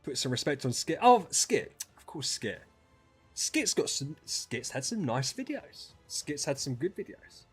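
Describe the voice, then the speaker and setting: Man, streamer, casual chat, sweary rants, slightly high voice. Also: sing-song, unhurried, slightly rough, faint music behind. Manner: ranting, sweary, swings between mutters and loud outbursts.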